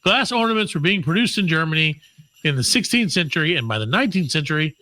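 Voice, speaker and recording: Animated, profane male comedy podcast host. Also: on the high side, quick pace, no room sound, rough recording. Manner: animated, swings between loud bursts and mutters, profane. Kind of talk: comedic banter reading trivia.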